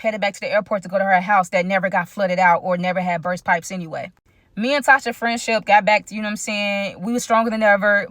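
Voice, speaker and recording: A woman telling a story in a casual, animated vlog style, chatting straight to her viewers. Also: mid-range voice, no room sound, studio quality. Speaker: storytime vlogger.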